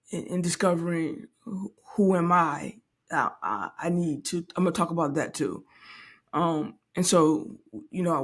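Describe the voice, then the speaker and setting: A woman's voice: deep voice, gravelly, slightly rough. A woman in her late forties, hosting a podcast and telling a personal story in a candid, reflective way that halts and restarts often. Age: late 40s. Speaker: podcast host.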